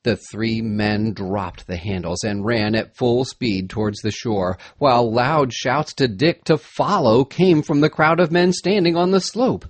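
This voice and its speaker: A man reading an adventure story aloud in an expressive, dramatic manner. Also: medium pitch, measured pace, few pauses, no echo. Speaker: narrator. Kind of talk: storybook narration.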